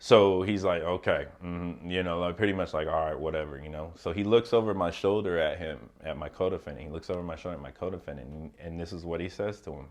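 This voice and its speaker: A man's voice: low voice, quick pace, few pauses. A man casually telling his prison story to the camera, loose and profane, with many fillers and asides.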